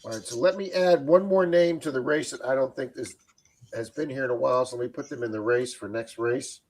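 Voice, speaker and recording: A man's voice: mid-range voice, a little fast, noisy background. A man co-hosting a casual live stream, chatting, telling stories and reading viewer comments aloud.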